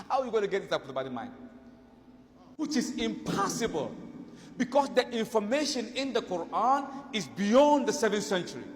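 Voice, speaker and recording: A man telling a story in a sermon, with animated delivery that rises and drops for the people he quotes. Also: high-pitched, normal speed, big-room sound. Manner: animated storytelling, voice rising and dropping for quoted speech. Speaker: preacher.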